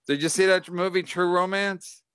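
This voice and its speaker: A man with a bright, tense voice and a crisp, resonant tone hosts a loose podcast chat. He rambles and mocks in a profane way as he reads comments aloud. The sound is dry and close. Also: high voice, fairly even intonation, normal speed, no room sound. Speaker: show host.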